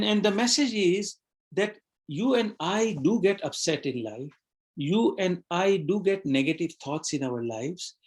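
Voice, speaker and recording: A man running a webinar, telling a fable and drawing its lesson in an earnest way, often repeating phrases and speaking to listeners as "you and I". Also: high-pitched. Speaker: webinar trainer. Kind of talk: motivational talk with storytelling.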